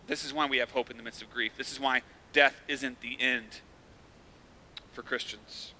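A man preaching a sermon as the pastor, talking casually and swinging from hushed lines to loud bursts. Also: medium pitch, fairly even intonation, moderate pace, slight background noise, rough recording.

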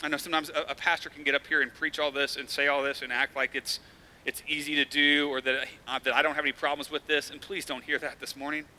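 Earnest bright-voiced male pastor preaching. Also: on the high side, level tone, fast talker. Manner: earnest, conversational preaching with rising emphasis. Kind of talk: sermon. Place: church.

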